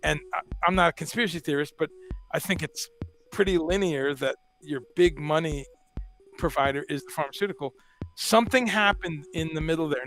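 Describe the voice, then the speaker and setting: High, gravelly man on a video call. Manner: animated, emphatic, repeats words. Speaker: guest. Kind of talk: casual chat.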